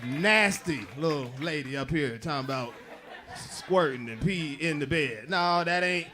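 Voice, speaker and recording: A man emceeing a comedy night. His voice is a touch higher than most men's, and he jokes loudly with the crowd between the acts. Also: normal speed, slight background noise. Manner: loud, joking crowd banter. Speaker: comedy show host.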